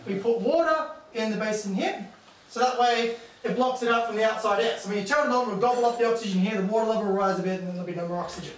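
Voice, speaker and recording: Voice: medium pitch, very fast. A presenter giving a casual hands-on demonstration to a group, thinking aloud in an offhand, chatty way. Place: echoey room with a group. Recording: echoey room, distant mic, background noise.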